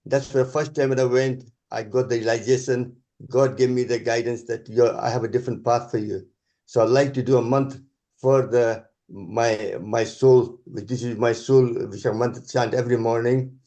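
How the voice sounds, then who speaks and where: Earnest Scottish man, mellow voice. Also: mid-range voice, fairly even intonation. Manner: earnest, halting, restarts sentences. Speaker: guest speaker. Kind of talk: spiritual talk.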